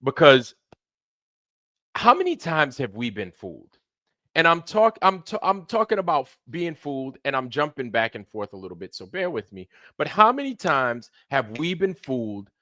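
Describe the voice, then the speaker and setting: A man's voice: medium pitch, very animated, normal speed, sharp tone, no room sound, clean studio sound. A man hosting his own livestream, ranting casually with lots of swearing, repeating points and asking rhetorical questions. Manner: profane, repetitive and emphatic, with frequent rhetorical questions. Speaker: streamer hosting a show.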